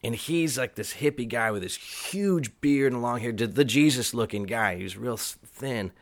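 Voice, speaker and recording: A man telling a long, rambling story in casual chat, animated and cursing often. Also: medium pitch, normal speed, no echo, studio quality. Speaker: guest musician. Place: Austin area.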